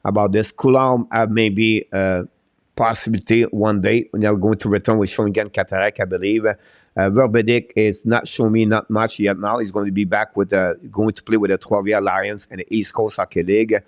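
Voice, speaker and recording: A man's voice: fairly low pitch, level tone, normal speed. A man, his first tongue, coaching and hosting a live stream. He talks in a fired-up way, repeating his points as he reads viewer chat. The sound is dry and close, with no room echo. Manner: fired-up, repetitive motivational talk.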